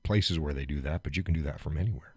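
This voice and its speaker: A man's voice: a bass voice, fast, warm tone, slightly rough, dry recording. A man hosting a live stream, chatting casually, joking, laughing often and getting worked up as he rants.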